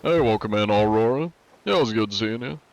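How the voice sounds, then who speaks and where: A man's voice: fairly low pitch, lively intonation, fairly quick, gravelly, no echo, highs cut off. A male streamer talking casually through a live gameplay stream, rambling with lots of filler words. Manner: rambling, many filler likes.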